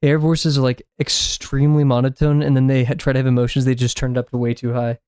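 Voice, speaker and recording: A man's voice: mid-range voice, little pitch movement, a little fast, darkish tone, clean tone, no room sound. Dude rambling while he draws on stream, lots of likes and ums, dry close sound. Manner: rambling, filler-heavy musing. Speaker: art streamer. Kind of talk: casual chat while drawing.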